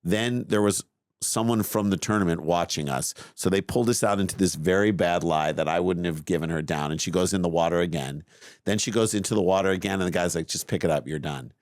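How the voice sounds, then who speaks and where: A middle-aged man co-hosting a podcast, telling a long story in a lively, self-mocking way. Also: low-pitched, a little fast, dry recording, studio quality. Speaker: podcast co-host. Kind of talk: casual chat, storytelling.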